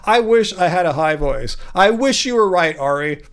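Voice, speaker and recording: A man in his fifties hosting a casual livestream from a home music studio, with a sing-song baritone voice that leaps high to stress words. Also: animated, moderate pace, few pauses, fairly bright tone. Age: 50s. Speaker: livestream host.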